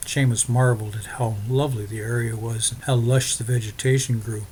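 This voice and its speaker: A man reads a story aloud in a steady, measured narration. His voice sits in a middle pitch, with a faint hiss of noise under the recording. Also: poor audio. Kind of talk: scripted audiobook narration.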